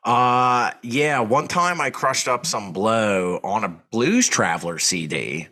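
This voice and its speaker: A man's voice: fairly low pitch, expressive, takes it slowly, bright, forceful tone. A man co-hosting a comedy podcast, talking crudely and rambling, often laughing. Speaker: podcast co-host. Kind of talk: casual comedy chat.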